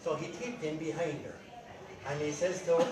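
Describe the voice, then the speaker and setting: Irish male storyteller, lively comic patter, distant mic, roomy hall. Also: on the high side, normal speed. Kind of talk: telling jokes to a live audience. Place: large room at a rambling night. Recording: echoey room from far off, crowd. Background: audience laughing.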